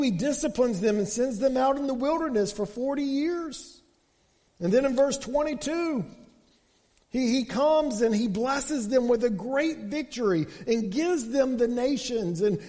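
A pastor with a strikingly high, mellow voice preaches a sermon, building each point with repeated starts like "and, and." His words trail into a long reverb filling a big hall.

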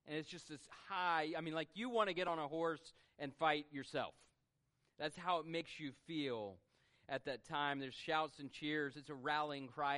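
A man delivering a sermon, earnest and a little self-deprecating. His voice sits fairly high for a man, and he swells into emphatic peaks to drive his points home. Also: a bit bright. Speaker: pastor.

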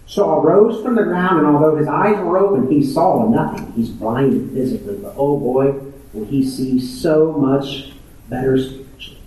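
A man's voice: a little high, normal speed, mellow. A man preaching a sermon, emphatic and fond of repeating phrases for stress. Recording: very echoey room, distant mic.

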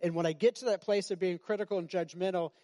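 A middle-aged male pastor preaching a sermon in a conversational way, repeating phrases and breaking into sudden shouts. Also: high voice, steady tone, fast talker.

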